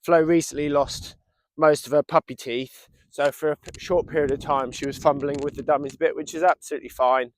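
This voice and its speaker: A man with an English accent, a dog trainer calmly explaining his method and giving short commands to a dog outdoors. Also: on the high side, brisk, no room sound. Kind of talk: outdoor training lesson to camera. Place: outdoors in a field.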